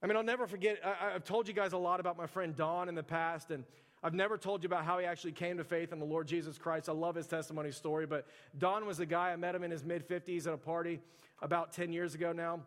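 A man preaching to his congregation with a somewhat high voice. He tells stories casually and fills his sentences with "like." His voice rings out with a long reverb from a big hall. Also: flat delivery, quick pace, fairly bright tone. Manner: conversational storytelling, heavy use of "like". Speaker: pastor. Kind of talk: sermon.

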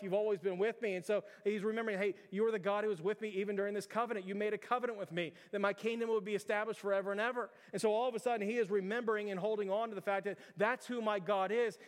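A pastor preaching a sermon in an earnest, repetitive way, with restarts. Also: male voice, high-pitched. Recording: long hall reverb.

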